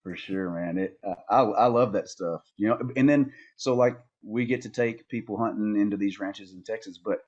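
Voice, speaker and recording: A man, a podcast guest and hunting outfitter, telling stories in a lively, animated way and often repeating words. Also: on the low side, normal speed, few pauses, muffled recording. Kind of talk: casual storytelling conversation.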